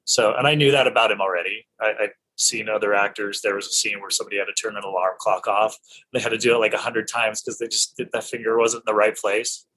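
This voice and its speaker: A middle-aged male actor being interviewed, telling lively anecdotes in casual chat and laughing often. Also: lowish voice, fast, a little hiss or hum, low-quality recording.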